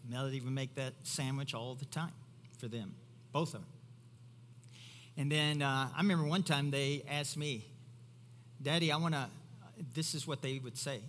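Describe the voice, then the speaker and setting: A middle-aged pastor from Kentucky with a Kentucky accent preaching a sermon, swinging from quiet asides to loud, high exclamations. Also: male voice, long reverb tail, slight background noise.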